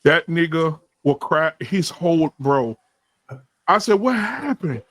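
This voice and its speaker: Man, high voice, dry close sound, animated profane storytelling. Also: slow, no room sound. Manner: animated storyteller, profane, acts out quotes loudly. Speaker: podcast co-host. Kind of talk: casual barbershop chat.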